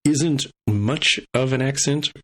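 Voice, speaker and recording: A man from Texas and Washington State co-hosting a podcast in casual chat, measured and explanatory. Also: mid-range voice, fairly bright tone. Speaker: podcast co-host.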